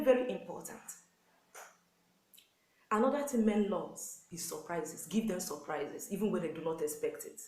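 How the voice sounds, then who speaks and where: A woman's voice: mid-range voice, darkish tone, roomy sound, poor audio. A woman with a Nigerian accent, a pastor's wife, giving earnest sermon-style marriage advice to wives and repeating key points. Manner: earnest, repetitive exhortation with acted quotes.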